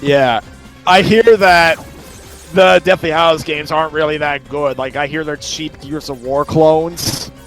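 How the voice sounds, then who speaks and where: A man hosting a let's play, talking casually over his gameplay. His voice sits somewhat high, and he rambles, piling up detail after detail in long lists. Faint music plays underneath. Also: fairly even intonation, measured pace, a bit bright.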